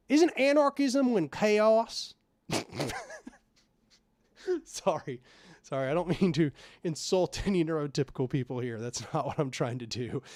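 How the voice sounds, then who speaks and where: A man from Oklahoma hosting a livestream, talking through chat messages in a loose, rambling way. His voice sits slightly high. The mic is close and the sound is dry. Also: darkish tone, dry recording. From Oklahoma, USA. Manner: rambling, conversational, frequent laughs. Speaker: livestream host. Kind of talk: livestream chat reading and commentary.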